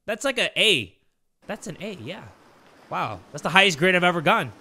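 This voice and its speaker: A man doing let's-play commentary, joking and animated, swearing freely as he plays. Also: high voice, moderate pace, faint music behind. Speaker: gaming YouTuber.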